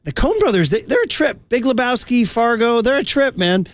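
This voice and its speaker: Male radio host, high voice, dry close studio sound, breezy and joking. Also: lively intonation, normal speed, dry recording. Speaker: radio sports talk host. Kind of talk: casual radio chat. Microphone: close studio mic.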